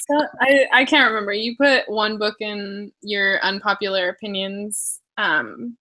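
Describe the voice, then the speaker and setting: A woman's voice: mid-range voice, measured pace, pushed and bright, rough recording. A woman co-hosting a casual book discussion over a video call, upbeat and teasing, laughing easily. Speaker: book club co-host.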